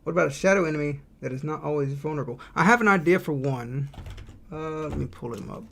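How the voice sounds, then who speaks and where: Gravelly man thinking aloud on stream. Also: a little high, quick pace, fairly bright tone, slight background noise. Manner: thinks aloud, rambling, reads chat aloud. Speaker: indie game developer streaming. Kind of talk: casual livestream chat while drawing.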